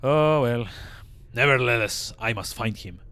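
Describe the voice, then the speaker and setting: A scarred, brooding immortal speaks in a guttural, raspy voice, as a man puts him on while reading a game aloud. He asks blunt, searching questions. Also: mid-range voice, unhurried, sharp tone. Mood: determined.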